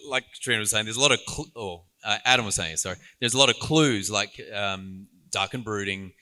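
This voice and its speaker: An easygoing man on a convention panel, talking over his acting work. His voice is bright, smooth and resonant. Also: fairly low pitch, fairly quick. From New Zealand or Australia. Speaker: panel guest actor. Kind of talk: casual panel chat.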